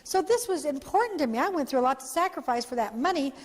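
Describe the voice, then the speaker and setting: A woman's voice: high-pitched, fast. A woman, founder and parent trainer, giving a heartfelt training talk and acting out the voices in her story. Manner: heartfelt, animated, acts out quotes. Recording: echoey hall.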